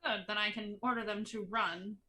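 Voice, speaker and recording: A woman's voice: mid-range voice, steady tone, normal speed, sharp tone, close to an everyday voice. A woman voicing a blunt, practical woman adventurer in a tabletop game. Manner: blunt, matter-of-fact. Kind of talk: tabletop role-play.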